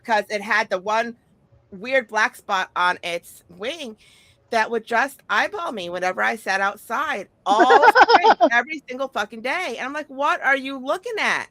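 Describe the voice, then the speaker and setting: A woman hosts a casual conversation, telling funny stories and acting out quotes in little voices. Her tone is bright and her swearing is casual. The sound is dry and close. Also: on the high side, animated, unhurried, no room sound. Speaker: host. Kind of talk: casual storytelling chat.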